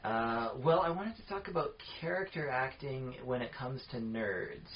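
A man's voice: mid-range voice, normal speed. A man co-hosting a podcast in casual chat, often restarting his sentences and laughing. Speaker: podcast co-host. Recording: dull lo-fi podcast audio with faint noise.

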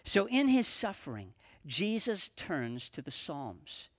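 A man preaching a sermon as pastor at a live church service, earnest, slowing down and dropping his voice for emphasis. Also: fairly high pitch, huge pitch swings, a bit bright.

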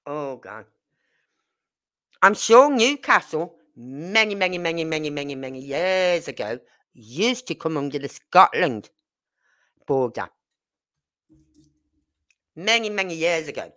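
A woman hosts a casual livestream and tells animated stories about her own life. She acts out both sides of each exchange. Her voice sits a little low but comes across bright and forceful. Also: measured pace, pauses often. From Birmingham, England. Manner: animated storyteller acting out dialogue. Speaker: livestream host. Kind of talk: casual live chat.

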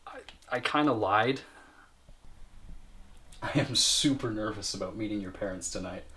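A man's voice: lowish voice, normal speed, pushed and bright. A young man acting the lead in a student parody film, speaking in a nervous, stammering way and swearing now and then. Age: young adult.

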